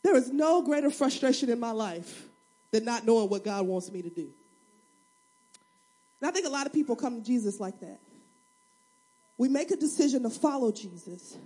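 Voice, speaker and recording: Woman pastor, high voice, animated and funny sermon delivery, talks straight to the pews. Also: moderate pace, long pauses, breathy edge. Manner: animated, humorous, acts out prayers and everyday scenes; conversational, addresses the congregation directly.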